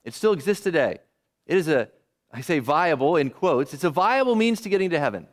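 A man's voice: a little high, big pitch swings, fast. A male pastor preaching a sermon in an emphatic, conversational way, asking his listeners questions as he teaches.

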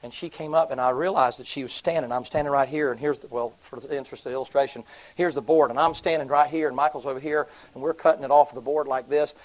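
A man preaching, telling a story in a sermon. He swings from hushed, low passages to loud, high, excited ones. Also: fast talker, rough recording.

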